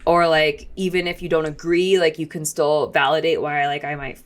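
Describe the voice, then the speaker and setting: A woman's voice: low-pitched, flat delivery, normal speed. A young woman, a podcast co-host, talking casually and rambling with many "like"s, teary and emotional. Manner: rambling, heavy use of "like", laughs through tears. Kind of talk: casual chat.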